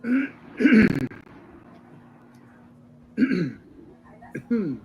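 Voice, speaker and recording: A man running a live comic book auction, congested from a sinus infection, joking loosely and clearing his throat as he lists issues and prices. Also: high-pitched, very animated, very slow, a little hiss or hum, rough recording. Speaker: auction seller.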